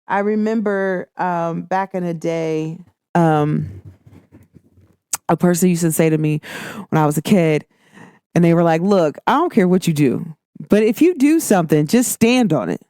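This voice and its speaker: A podcast host speaks a little slowly in a lively, emphatic casual monologue. When she acts out what people said to her, her voice climbs higher. The sound is dry and close, without room echo.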